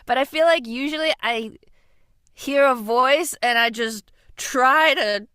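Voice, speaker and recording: A woman voice actor as a guest in a casual interview, talking in a relaxed, reflective way. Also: high-pitched, takes it slowly, smooth, dry recording, clean studio sound. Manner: relaxed, reflective, laughs easily.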